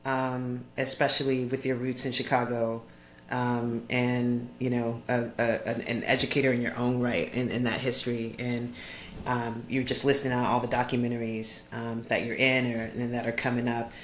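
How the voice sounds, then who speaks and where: A man's voice: medium pitch, little pitch movement, moderate pace, reverberant, a little hiss or hum. A man hosting a radio interview, asking questions eagerly and reacting with enthusiasm. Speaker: radio show host.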